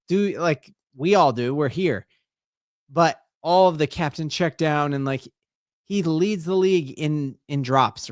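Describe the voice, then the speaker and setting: A man hosting a live play-by-play watch-along as a sports fan, excitable and breaking into shouted exclamations, rambling and restarting his sentences. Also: on the high side, dry recording, clean studio sound. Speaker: sports fan stream host.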